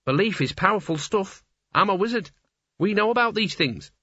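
Brief: man doing an anxious, rambling wizard, bright husky voice, dull dry lo-fi sound. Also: high voice, expressive, normal speed, no room sound, pitched above the performer's own voice, exaggerated voice. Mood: explaining. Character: flustered fussy male wizard.

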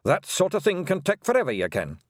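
A man's voice: high-pitched, wildly swooping pitch, a little fast, no room sound, studio quality, voice pushed up, full character voice. A man reading aloud, voicing a small, blustering male pixie chief with a Scottish accent. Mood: sheepish. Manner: blustering and quavering.

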